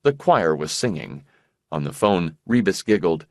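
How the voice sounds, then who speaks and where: A man narrating an audiobook in a measured, expressive reading voice. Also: sits low, no room sound, clean studio sound. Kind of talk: scripted narration.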